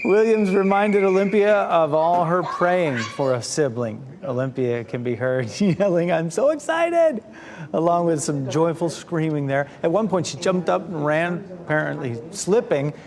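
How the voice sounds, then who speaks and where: A man anchoring a local midday newscast, reading stories in a brisk, upbeat way. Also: a little high, darkish tone. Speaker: news anchor.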